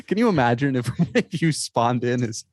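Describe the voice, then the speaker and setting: A man's voice: medium pitch, sing-song, takes it slowly, a little mellow, no room sound. A man co-hosting a podcast, chatting casually about games in a rambling, stop-start way full of restarts and fillers. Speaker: podcast co-host. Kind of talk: casual gaming chat.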